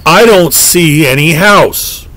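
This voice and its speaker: A man's voice: a little high, animated, takes it slowly, pushed and bright, exaggerated voice. A blunt, stubborn boy who refuses to believe in anything he cannot explain, read by a man. He squawks his complaints in a slightly raised voice and leans hard on each accusation. He sounds like part of a storybook reading. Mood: demanding.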